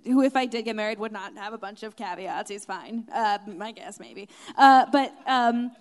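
A woman's voice: medium pitch, normal speed. A woman co-hosting a podcast, chatty and giggly with many fillers in casual talk. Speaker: podcast co-host. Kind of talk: casual chat.

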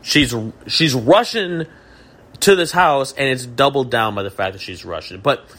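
A man's voice: medium pitch, lively intonation, unhurried, a bit bright. A man hosting a casual comedy podcast, talking in a dry, mock-serious way with many restarts. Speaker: podcast host.

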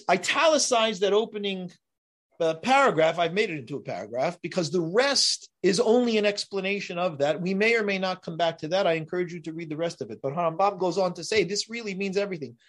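A man teaching a Torah class, emphatic and building to forceful rises on key points, then dropping to quiet asides. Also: high voice. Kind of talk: Torah lecture.

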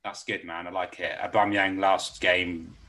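Here a podcast co-host offers relaxed, joking tips on weekend football bets, addressing the listener as mate. He speaks in a low, bright, forceful voice, delivering flatly and without hurry, in an easygoing manner.

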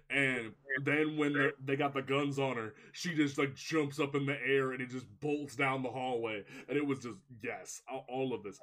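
A young man co-hosting a casual movie review podcast, rambling and animated with lots of filler words. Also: medium pitch. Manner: rambling, heavy use of "like", animated. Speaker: podcast co-host.

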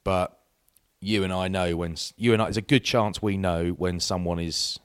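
A man's voice: sits low, steady tone, moderate pace, clear, resonant tone, no echo, studio quality. A middle-aged man in casual chat, telling anecdotes that ramble and restart. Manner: rambling anecdotes with self-interruptions. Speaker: podcast co-host.

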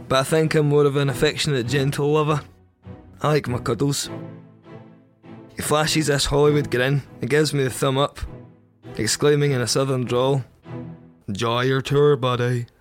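A young Scottish man telling a crude first-person comic story in a wry, deadpan way. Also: a little high. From Scotland. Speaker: podcast storyteller.

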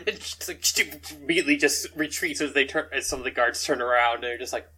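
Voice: medium pitch, quick pace, few pauses, bright, forceful tone, husky, low-quality recording. A game master narrating a tabletop game in a rambling way, often chuckling between descriptions.

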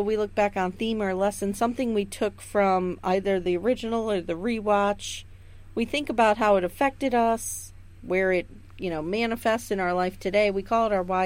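A woman in her forties co-hosting a casual rewatch podcast, animated and mocking, with plenty of swearing. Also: mid-range voice, brisk. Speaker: podcast co-host.

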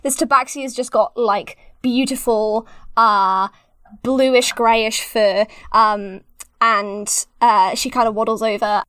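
A woman's voice: fairly high pitch, fairly even intonation, slow, fairly bright tone, no room sound, studio quality. A woman narrating as game master of a tabletop game, rambling and hunting for words with lots of fillers. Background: music.

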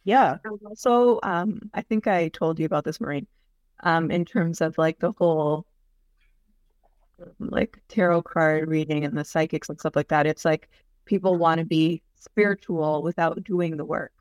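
A woman co-hosting a podcast in casual chat, telling stories in a chatty way with lots of fillers; her voice can run a little deep. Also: a little slow, a little mellow, dry recording. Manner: chatty, leans hard on "like", storytelling. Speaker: podcast co-host.

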